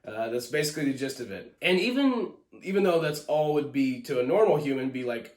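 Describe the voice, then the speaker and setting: A man giving a casual, rambling review of a TV episode, often restarting sentences and getting animated. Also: mid-range voice, normal speed. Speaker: TV show reviewer. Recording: echoey room.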